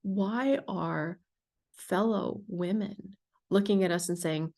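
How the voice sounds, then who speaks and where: A woman hosting a podcast interview, telling stories in a casual, emphatic and animated way. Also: medium pitch, slow pace, gravelly. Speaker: podcast host.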